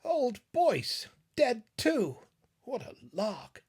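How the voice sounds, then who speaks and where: Male reader playing a bewildered young scientist, high, husky, panicky, audiobook. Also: sing-song, slow, full character voice. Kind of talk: audiobook reading.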